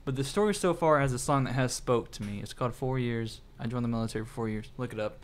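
A man's voice: medium pitch, fast talker. Rambling man telling stories. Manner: rambling storyteller, acts out quotes. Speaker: podcast host. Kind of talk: casual late-night chat.

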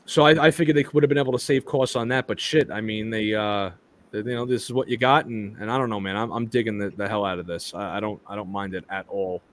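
A man's voice: lowish voice, steady tone, quick pace, fairly bright tone. A man hosting a live toy chat stream, talking casually with lots of restarts and stumbles and some casual swearing.

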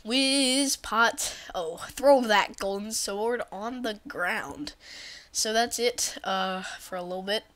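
Brief: unhurried woman gamer, silly rambling commentary, whispered asides. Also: medium pitch. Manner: bursts into excited shrieks. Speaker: let's play commentator. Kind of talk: gameplay commentary.

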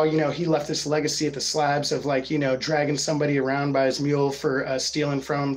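A man's voice: a little high, poor audio. A man vlogging, telling a story in a casual, slangy, laid-back way and saying "dude" a lot. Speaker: vlogger treasure hunter.

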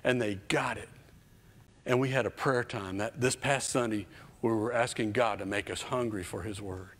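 A man's voice: lowish voice, fairly even intonation, normal speed, fairly bright tone, slight background noise. A man in his fifties preaching a sermon as a children's pastor, emphatic and repetitive, building in intensity. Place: church stage. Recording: reverberant church hall.

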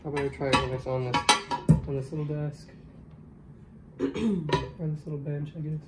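A man's voice: on the high side, level tone, moderate pace. Young guy muttering over a noisy room. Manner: casual, frustrated muttering to himself as he works. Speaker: vlogger. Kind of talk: casual chat while assembling gear. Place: room at home.

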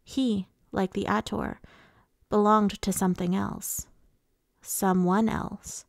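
Woman audiobook reader, measured and slow, gravelly, dry close sound. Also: medium pitch, little pitch movement, dry recording. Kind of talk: first-person novel narration.

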